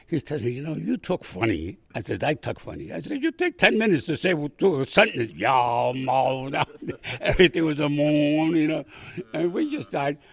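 Older man from Puerto Rico, raspy veteran storyteller, very lively pitch, dry close sound. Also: no echo. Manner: animated storyteller, acts out quoted voices, laughs often. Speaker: veteran guest. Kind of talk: storytelling interview.

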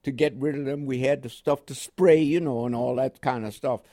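A man's voice: medium pitch, fairly even intonation, brisk, warm tone. An older man recounting his wartime service in an oral history interview, rambling and chuckling, with frequent repeated words. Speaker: war veteran interviewee.

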